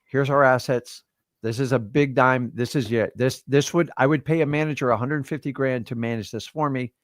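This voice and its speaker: In his fifties, this man hosts a livestream, offering casual motivational talk and speaking directly to listeners in a preachy way. His mid-range voice keeps a fairly even intonation at normal speed. The studio-quality recording has no room sound.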